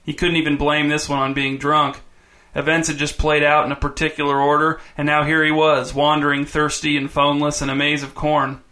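A man narrates a story in a bright, clear voice, keeping his pitch fairly even. His reading is dry and wry, steady through long sentences. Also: brisk. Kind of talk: scripted narration.

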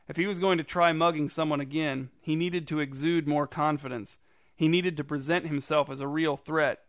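A man reading a story aloud in a dry, deadpan narrating manner. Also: a little high, no room sound. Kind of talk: scripted narration.

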